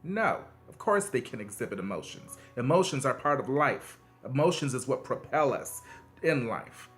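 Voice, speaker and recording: A man's voice: big pitch swings, normal speed, a bit bright, faint music behind. A man hosting a video, giving parenting advice in a casual, earnest monologue with frequent fillers and emphatic turns. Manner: conversational, frequent fillers and restarts; earnest and encouraging, emphatic swings in pitch.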